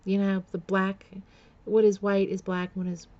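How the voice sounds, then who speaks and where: A woman telling a personal story on a vlog in a halting way, with many fillers and restarts, sometimes close to tears. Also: mid-range voice, little pitch movement, mellow, muffled recording. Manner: emotional, close to tears at times. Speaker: vlogger.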